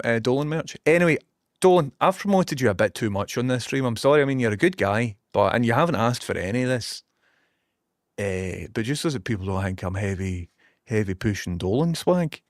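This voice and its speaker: A man's voice: mid-range voice, no room sound, clean studio sound. A Scottish man streaming from a small basement room, rambling casually, swearing now and then and reading out viewer messages. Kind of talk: casual live-stream chat.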